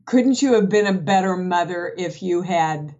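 A woman's voice: lowish voice, lively intonation, normal speed, mellow. Frank woman telling stories, dull audio. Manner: frank storyteller, acts out quoted dialogue. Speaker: guest actress. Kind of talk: candid podcast conversation.

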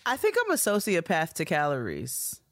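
A woman co-hosting a podcast in relaxed, slangy casual chat. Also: deep voice, normal speed. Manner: relaxed, laid-back, slangy. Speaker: podcast co-host.

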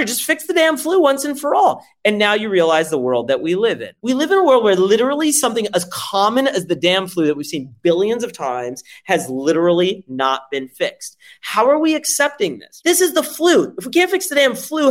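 A healthcare startup founder giving a keynote-style pitch, emphatic and profane, firing rhetorical questions and acting out quoted dialogue. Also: fairly bright tone. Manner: acts out quoted dialogue in the telling.

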